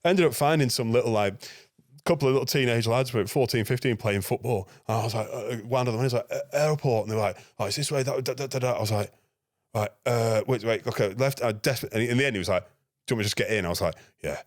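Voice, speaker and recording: A man, a podcast guest, telling a lively anecdote and acting out his own dialogue. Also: medium pitch, rapid-fire, no echo, studio quality. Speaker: guest, NGO security manager. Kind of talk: casual podcast storytelling.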